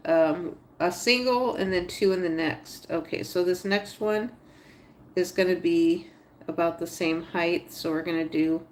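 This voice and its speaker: A woman livestreaming a crochet tutorial, thinking aloud step by step, chatting with viewers and talking to her stitches. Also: fairly low pitch. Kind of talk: casual live tutorial narration.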